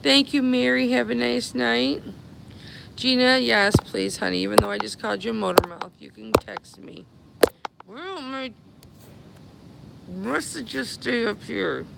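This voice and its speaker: Stranded by a cancelled flight, this woman live-streams from the airport on her phone, chatting warmly and calling viewers babies and honey. Her voice is a little high, a bit bright, gravelly, and level at a moderate pace, in a rough recording with a little hiss or hum.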